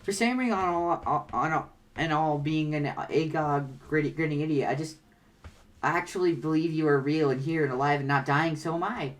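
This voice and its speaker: A woman reading a bubbly, excitable teenage girl who gushes, stammers and drops internet slang. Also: deep voice, a little fast, natural voice. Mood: flustered. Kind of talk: reading comic dialogue aloud.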